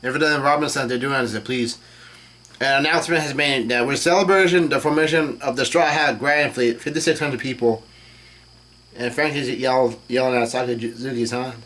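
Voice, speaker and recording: A man casually reading a comic chapter aloud and commenting on it, with the dialogue in a flat voice and frequent fillers and self-corrections. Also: medium pitch, brisk. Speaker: channel host reacting to a comic chapter.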